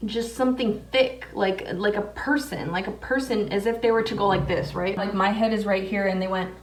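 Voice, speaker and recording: Her medium-pitched voice stays steady and moderately paced, but she's far from the mic in an echoey room. This young makeup vlogger tells loose, chatty stories as she does her makeup, swearing a lot and filling her speech with fillers.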